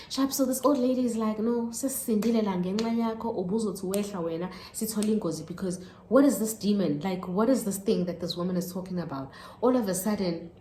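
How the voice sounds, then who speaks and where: A young woman in her twenties with a South African accent telling a storytime vlog, animated and switching between Zulu and English. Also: on the low side. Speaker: YouTuber. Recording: echoey room, faint noise.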